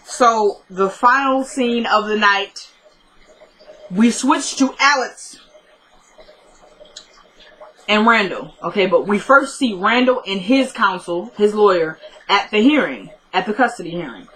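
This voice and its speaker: A woman's voice: mid-range voice, animated, unhurried, long pauses, fairly bright tone, rough recording. A woman casually recapping a TV episode at home, rambling and correcting herself as she talks. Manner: chatty, rambling, with self-corrections.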